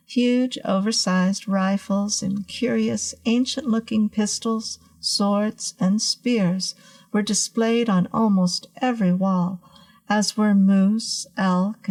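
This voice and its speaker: A woman narrating a horror story in a measured, suspenseful way. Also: mid-range voice, darkish tone.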